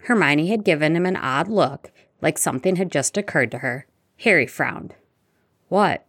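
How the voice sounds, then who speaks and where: A woman narrating a fan fiction audiobook in a steady storytelling manner. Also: sits low, moderate pace, breathy edge, no echo, studio quality.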